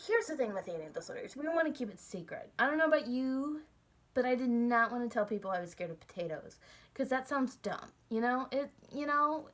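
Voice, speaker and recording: A woman's voice: fairly high pitch, lively intonation, brisk, fairly bright tone. A young woman talking candidly in a casual personal monologue, chatty and open, laughing at herself now and then. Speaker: student sharing recovery story.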